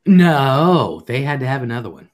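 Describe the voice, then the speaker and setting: A woman's voice: rumbling low, big pitch swings, moderate pace. An older woman hosting a live chat show, telling rambling, profane stories in a blunt way and reading out viewer comments.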